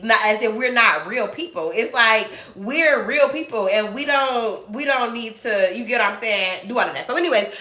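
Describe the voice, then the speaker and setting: A woman, telling a story about her job in a casual, animated way and acting out both sides of an argument. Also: a little high, roomy sound. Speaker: vlogger telling a work story.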